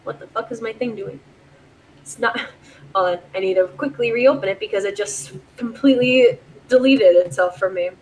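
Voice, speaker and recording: A woman's voice: fairly high pitch, moderate pace, darkish tone, a little hiss or hum, poor audio. A woman running a tabletop game online, talking casually, laughing often and swearing freely. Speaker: game master.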